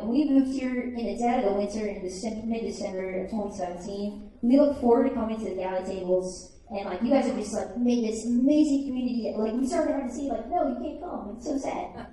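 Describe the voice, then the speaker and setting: A woman in her twenties tells a personal story live in a chatty way, sprinkling in lots of "like." Her voice is a little high and mellow, with slight background noise, and she sounds distant in an echoey room.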